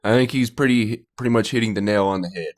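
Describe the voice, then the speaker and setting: A man's voice: on the low side, fast talker. A man hosting a reaction channel, chatting casually and agreeably. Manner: agreeable, easygoing.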